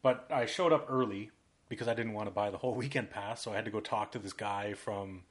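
A man's voice: on the low side, quick pace. A man co-hosting a podcast in casual chat, a laid-back storyteller who fills his talk with "like". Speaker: podcast co-host, graphic designer.

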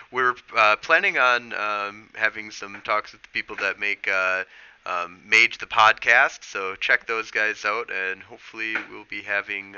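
A low-voiced man hosts a podcast in a very bright, forceful and crisp tone, filling his talk with ums and uhs. The recording sounds dull and lo-fi. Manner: rambling, many ums and uhs. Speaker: podcast host. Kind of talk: casual podcast chat.

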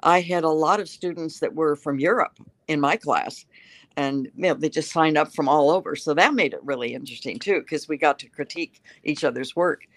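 A woman's voice: low-pitched, a little fast, no room sound. An older woman, a guest writer, telling stories in a chatty, self-mocking way during a casual interview. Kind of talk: casual interview chat, storytelling.

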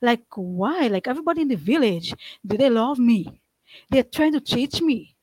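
A woman's voice: on the high side, animated, normal speed, a little mellow, dry recording, rough recording. Earnest woman recounting a hard past. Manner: earnest, rambling, with frequent restarts and nonstandard grammar. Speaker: guest sharing her life story. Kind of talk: emotional personal testimony.

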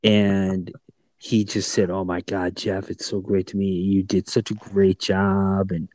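A man's voice: low-pitched, monotone, measured pace, a little mellow, dry recording. A man co-hosting a podcast in casual chat, telling a story with many restarts and asides. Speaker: podcast co-host.

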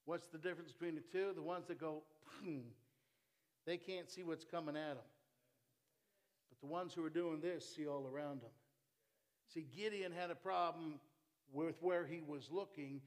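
Animated man preaching, higher voice. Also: moderate pace. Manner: animated preaching, swinging between loud and hushed; playful, jokes with the congregation. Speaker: pastor. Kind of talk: sermon.

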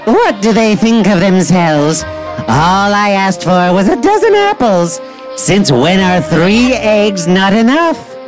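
A woman voicing an exasperated, complaining woman at a fair in an animated storybook, with faint music playing behind her. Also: medium pitch, slow pace. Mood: indignant. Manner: indignant, complaining. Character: grumpy exasperated woman with a goose.

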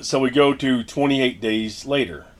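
A man's voice: mid-range voice, a little slow. A man co-hosting a podcast, casually retelling a movie plot with lots of fillers and restarts. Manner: rambling, filler-heavy retelling. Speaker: podcast co-host. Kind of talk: casual movie recap chat.

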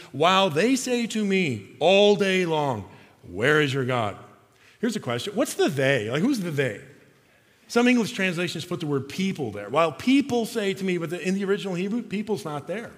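Guy pastor giving a sermon, kinda high voice, long echo in the hall, gets loud then real quiet and slow. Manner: dramatic shifts between loud emphasis and soft slow delivery.

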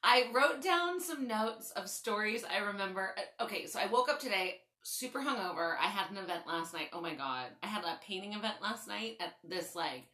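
A woman's voice: medium pitch, a little fast, few pauses, roomy sound. A young woman hosting a casual podcast chat, telling stories with lots of laughter and swearing. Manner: animated storytelling, laughs often, swears freely. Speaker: podcast host.

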